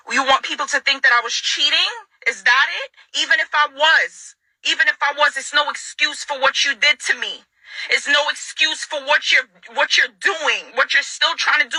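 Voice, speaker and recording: A woman's voice: sits high, normal speed, sharp tone, dry recording, rough recording. A young adult woman ranting straight at an ex, confrontational and repeating lines for emphasis. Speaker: vlogger addressing her ex. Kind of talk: angry direct-to-camera rant.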